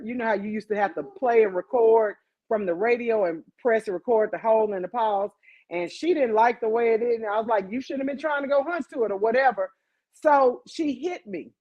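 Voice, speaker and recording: A woman hosting a podcast, telling a story in a casual, animated way, swearing freely and talking straight to her listeners. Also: on the high side, muffled recording. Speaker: podcast host.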